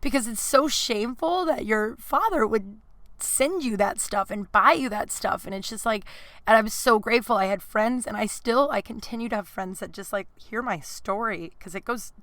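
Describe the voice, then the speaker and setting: A woman's voice: mid-range voice, moderate pace, sharp tone, dry recording. A woman hosting a podcast, speaking in a personal confessional monologue, emotional and at times crying, with many "like" fillers. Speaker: podcast host. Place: closet at home.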